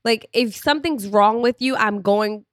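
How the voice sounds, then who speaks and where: A woman's voice: on the high side, moderate pace, dry recording. Casting: young woman, candid chatty podcast co-host, close dry mic. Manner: candid, chatty, laughs often. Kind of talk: casual chat.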